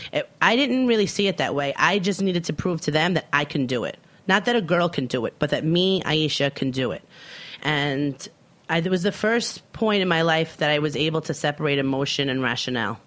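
A woman in her thirties, a chef from Brooklyn, telling stories in a casual interview and acting out the dialogue as she goes. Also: sits low. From Brooklyn, New York, USA. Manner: animated storyteller who acts out quoted dialogue. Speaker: chef, guest.

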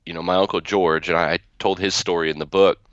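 A man's voice: deep voice, fairly even intonation, fast, a bit bright, dry recording. A man being interviewed as a guest author on a podcast, telling family stories with frequent restarts. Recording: dull, lo-fi.

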